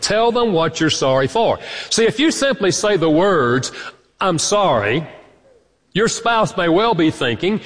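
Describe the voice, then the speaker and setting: A man's voice: on the high side, sing-song, unhurried, fairly bright tone. Earnest man speaking in a hall. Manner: earnest, teaching, acts out quoted lines. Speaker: conference speaker. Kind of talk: marriage conference talk. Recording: reverberant hall from far off.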